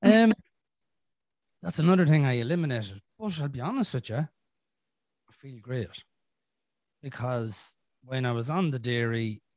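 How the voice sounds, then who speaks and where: An Irish man hosting a podcast, talking frankly and swearing, rambling with restarts and clearing his throat from a chest infection. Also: medium pitch, lively intonation, measured pace, pauses often, darkish tone, dry recording. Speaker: podcast host. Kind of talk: casual podcast chat.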